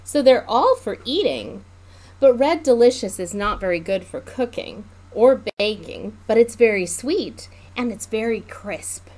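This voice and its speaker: A woman children's librarian leading a preschool storytime, reading a picture book aloud. Her voice is high and swoops up and down in a sing-song, teacherly way, and she speaks slowly and clearly for little listeners. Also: expressive, darkish tone.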